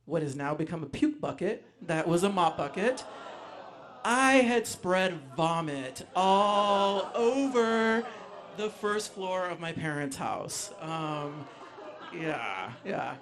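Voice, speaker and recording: A man telling a personal story live on stage, animated, acting out voices, with frequent ums. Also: high-pitched, slow. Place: stage before a live audience.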